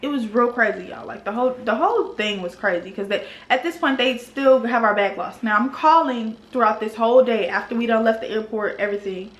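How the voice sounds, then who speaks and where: A young woman vlogger telling a storytime in an animated, exasperated way, full of casual slang. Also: on the high side, a little fast, few pauses. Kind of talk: storytime vlog. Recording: roomy echo.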